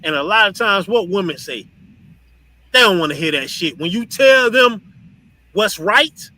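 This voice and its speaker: A man with a high, very bright voice delivers a preachy lecture to his listeners. He talks bluntly and profanely and keeps checking in with "you understand?". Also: lively intonation, a little slow, dry recording, rough recording. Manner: blunt, profane and scolding, laughs between points; asks "you understand?" often. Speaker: officer and teacher leading a group discussion. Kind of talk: preachy lecture to an online audience.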